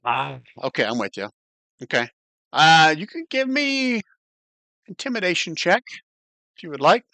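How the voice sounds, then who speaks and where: A man running a tabletop game as game master, explaining rules in a relaxed way. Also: on the high side, measured pace, vocal fry, pauses often, dry recording.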